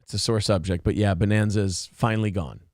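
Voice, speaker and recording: A man's voice: lowish voice, fast, a little mellow, no room sound, clean studio sound. A male morning show host, bantering crudely and joking with his co-host. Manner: crude, joking, swears freely. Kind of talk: casual radio show banter.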